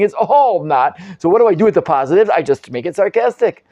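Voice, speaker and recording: A man, a rabbi, teaching a live Bible class, reading Hebrew commentaries quickly and explaining them in English with frequent Hebrew terms. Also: dry recording, lo-fi sound. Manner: animated, acts out quoted speakers with sudden loud pitch jumps.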